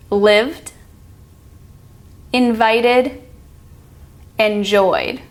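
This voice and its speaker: A woman with an American accent teaching an online pronunciation lesson, reading example words slowly and deliberately. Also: mid-range voice, fairly bright tone.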